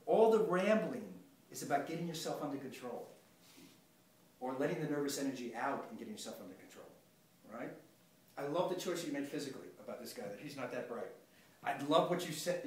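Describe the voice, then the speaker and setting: Acting teacher talking in an echoey room. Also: male voice, mid-range voice, darkish tone. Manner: rambling, conversational, self-interrupting. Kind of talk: workshop lecture. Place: workshop room. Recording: echoey room, distant mic, faint noise.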